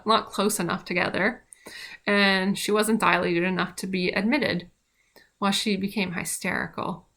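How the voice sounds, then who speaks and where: A woman's voice: medium pitch, a bit bright. A young woman casually telling a rambling personal story about her midwifery training, with many fillers and restarts.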